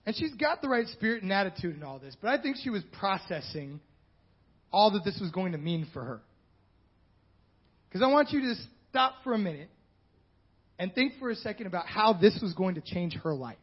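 A man's voice: high-pitched, sing-song, normal speed, pauses often, husky. A male pastor preaching a sermon in a conversational style with joking asides. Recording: dull lo-fi sound.

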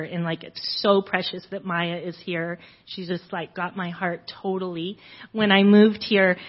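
Heartfelt middle-aged woman at church. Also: fairly low pitch. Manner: heartfelt and emotional, with frequent fillers. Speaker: church member sharing before leaving. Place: church service. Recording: lo-fi church audio recording.

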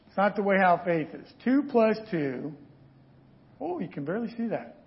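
A man preaching a sermon, telling stories with lively asides and frequent "right?" checks to the congregation. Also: sits high, moderate pace, muffled recording.

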